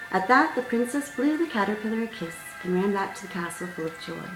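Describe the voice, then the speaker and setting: A woman author reading aloud from her own storybook in a gentle, measured way. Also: mid-range voice, animated. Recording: roomy sound, distant mic, faint music.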